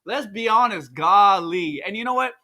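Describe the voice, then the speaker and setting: A woman co-host giving jokey, animated commentary with frequent exclamations. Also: mid-range voice, moderate pace. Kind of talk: casual commentary.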